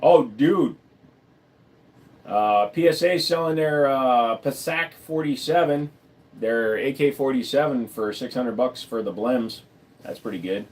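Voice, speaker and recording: A man's voice: medium pitch, measured pace, a little hiss or hum. Male livestream host, loose and foul-mouthed, reads chat and riffs off it. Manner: blunt, profane, rambling, reads chat aloud.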